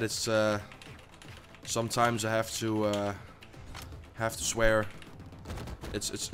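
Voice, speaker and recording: A man commentating his own gameplay for his channel, jumping between loud outbursts and low muttering, often repeating himself. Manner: swears, stammers and repeats himself. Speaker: gaming YouTuber.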